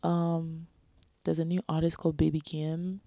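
A woman co-hosting a podcast in casual chat, laid-back and often trailing off into quiet mumbles. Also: sits low, little pitch movement, moderate pace, gravelly, dry recording. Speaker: podcast co-host.

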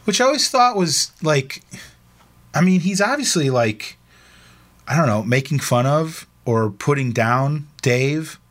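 A man's voice: a little high, expressive, measured pace, fairly bright tone. A man co-hosting a casual podcast, laid-back and chatty, reading a listener's email aloud with asides and laughs. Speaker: podcast co-host.

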